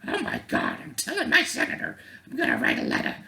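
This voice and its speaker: A man putting on the voice of an indignant young woman in a mocking falsetto, squealing with outrage. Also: huge pitch swings, quick pace, gravelly, sharp tone, full character voice. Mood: shrill outrage. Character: shrill indignant young woman, easily offended.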